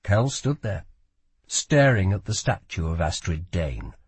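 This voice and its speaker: A man with a low, slightly husky voice narrates a fantasy novel. He reads slowly and dramatically, his pitch rising and falling freely. The recording is close and dry. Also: sing-song, no room sound. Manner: measured, dramatic storytelling. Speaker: audiobook narrator. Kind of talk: scripted narration.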